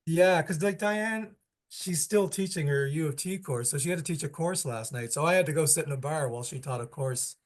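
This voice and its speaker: A man's voice: fairly high pitch, a little fast. A man on a casual comedy podcast, telling rambling travel stories and laughing often.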